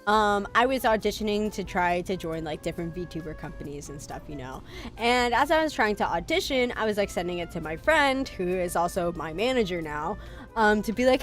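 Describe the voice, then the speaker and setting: On her stream, a young adult VTuber talks at a moderate pace in a medium pitch with lively intonation. Her chatter is casual and meandering, packed with fillers and laughs at her own expense, and faint music can be heard.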